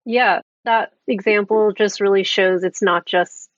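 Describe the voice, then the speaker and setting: A woman's voice: medium pitch, steady tone, measured pace. A young woman in her twenties interviewing a guest, asking curious questions and affirming answers. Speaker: interviewer, student host. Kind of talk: conversational interview. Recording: dull, dry, lo-fi sound.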